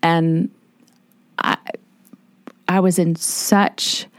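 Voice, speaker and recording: An earnest woman in her fifties shares her testimony as a guest in an interview, slipping into the voices of people she quotes. Her voice sits a little low, and the sound is close and dry. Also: flat delivery, very slow, dry recording. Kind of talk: personal testimony in a podcast interview.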